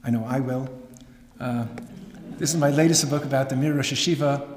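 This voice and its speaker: Animated man telling a story in an echoey hall. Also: medium pitch, fairly quick. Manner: dramatic, animated storyteller with wry asides. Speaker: rabbi and lecturer. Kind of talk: storytelling lecture. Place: synagogue hall. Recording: echoey hall with long reverb.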